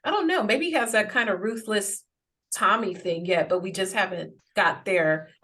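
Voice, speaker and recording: A woman of middling pitch hosts an interview. She builds her questions slowly, with many fillers and side remarks. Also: fairly bright tone. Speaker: host. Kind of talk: interview conversation.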